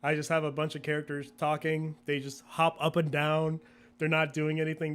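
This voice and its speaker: A young man who makes videos is a guest in a casual interview, talking fast and smoothly in a fairly high voice with little pitch movement. He rambles, laughs often, and acts out his own thoughts as if quoting himself.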